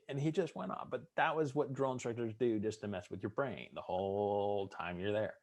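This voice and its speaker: A man's voice: lowish voice, normal speed, few pauses, darkish tone. A middle-aged man, a veteran, telling humorous stories in an interview and acting out the people in them. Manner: humorous storyteller, acts out drill instructor voices. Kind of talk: storytelling interview.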